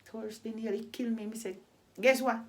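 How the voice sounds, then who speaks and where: A woman from Jamaica with a Jamaican accent, telling a story in a deliberate way and repeating phrases for emphasis. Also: on the high side, steady tone. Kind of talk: oral storytelling.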